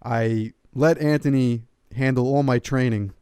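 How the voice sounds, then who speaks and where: A man's voice: mid-range voice, steady tone, measured pace, darkish tone, clear, resonant tone, no room sound, clean studio sound. A man with a New York accent co-hosting a fitness podcast, laid-back and joking in casual chat. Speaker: podcast co-host.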